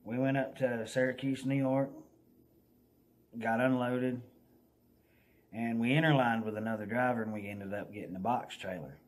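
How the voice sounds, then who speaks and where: A man with a Southern US accent telling a folksy, animated story in a casual vlog, laughing as he goes. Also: medium pitch, normal speed, long pauses.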